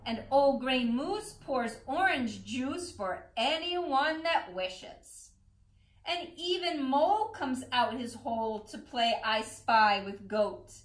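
A woman's voice: high voice, expressive, slow pace. A woman voicing an eager, exclaiming male cat in a rhyming picture book. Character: excitable male storybook cat. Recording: echoey room.

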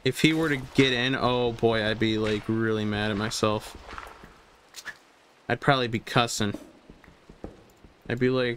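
This gaming video host is a young man with a mid-range, slightly bright voice, a steady tone, and a somewhat slow delivery broken by frequent pauses, with a faint hiss or hum. Commentating on his own gameplay, he mutters to himself, says things over again, and exclaims jumpily.

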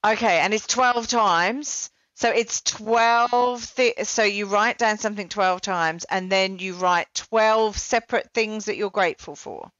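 A woman's voice: medium pitch, a little slow, few pauses, a bit bright, no room sound. A woman hosting a podcast, chatty and self-deprecating, with plenty of fillers as she talks. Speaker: podcast host. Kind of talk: casual interview chat. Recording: dull, dry lo-fi recording.

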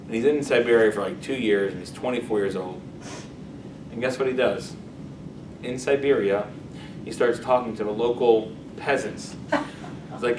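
Casting note: rabbi telling a story in a lecture room, loose and animated, recorded from across an echoey space with background noise. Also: male voice, medium pitch, normal speed, long pauses. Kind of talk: storytelling lesson. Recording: echoey room, distant mic, noisy.

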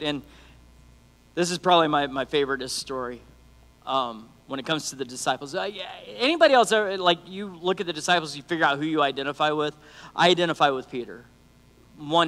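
A man preaching a sermon in a casual, conversational way, acting out the lines of people in his stories. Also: high voice. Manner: animated, conversational, acts out quotes. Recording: long hall reverb.

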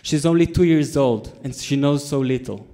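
A deadpan man in his 30s, speaking at a conference, narrates a story to the crowd in the hall at a moderate pace. His voice is mid-range, and the humor comes from his timing.

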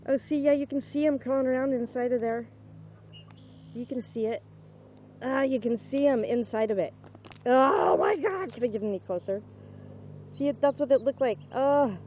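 A young woman with a fairly high voice films outside on a walk, talking off the cuff and repeating her exclamations in disgust. The sound is dull home-video audio from a handheld camera. Faint noise runs underneath her voice. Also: moderate pace, long pauses. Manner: grossed out, repeating exclamations, shouting for her dog. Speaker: vlogger filming outdoors. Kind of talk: unscripted phone-camera commentary. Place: outdoors on a dog walk.

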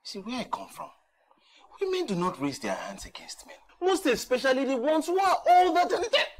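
Wounded older brother, reproachful, lively pitch. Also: male voice, moderate pace, heavily acted. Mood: indignant. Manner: reproachful, indignant. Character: wounded older brother slapped by his sister-in-law.

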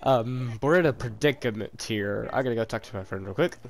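A young man with a sore throat chatting casually while playing in VR, laughing at himself and swearing freely. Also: mid-range voice. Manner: laughing, self-mocking, quick to swear. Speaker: gamer. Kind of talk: casual VR game chat. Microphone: VR headset.

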